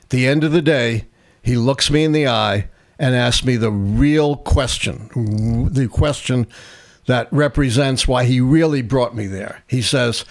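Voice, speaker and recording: A man's voice: mid-range voice, measured pace. Older man telling a vivid anecdote. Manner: animated anecdotal storyteller, acts out quotes. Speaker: host, historian. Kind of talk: live election stream storytelling.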